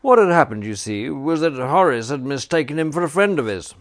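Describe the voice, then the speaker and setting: A man's voice: fairly high pitch, animated, fairly quick, voice pushed up. A man reading an audiobook, voicing a peevish, rambling elderly duke who blusters along. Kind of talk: audiobook character voice.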